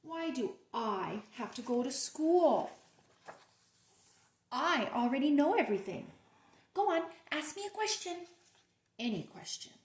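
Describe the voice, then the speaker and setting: A woman's voice: high-pitched, very animated, a little slow, pauses often, slight background noise. A woman doing a fretful, whiny cartoon pigeon. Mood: boastful. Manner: whiny, dramatic, rising worried questions. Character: fretful, excitable young male pigeon. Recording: roomy echo.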